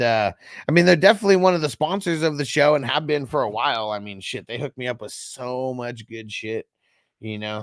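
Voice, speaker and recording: A man's voice: lowish voice, fairly bright tone, no room sound, studio quality. A young man hosting a casual livestream, reading out chat comments in a loose, rambling way and swearing freely. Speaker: host.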